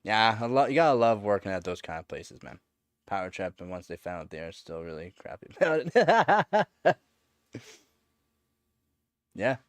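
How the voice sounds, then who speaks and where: A man with a fairly low voice chats on a live stream, drifting from story to story with plenty of "uh"s and easy laughter. The sound is dry and close, with little room around it. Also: sing-song, moderate pace, long pauses, no echo. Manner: rambling storytelling with frequent fillers and laughs. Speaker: live streamer answering chat. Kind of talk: casual live-stream chat.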